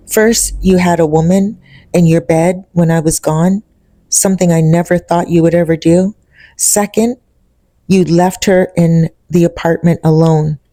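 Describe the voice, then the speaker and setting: A woman's voice: lowish voice, dark tone, no echo. A woman storyteller voicing a hurt young woman who confronts her boyfriend with firm, clipped accusations.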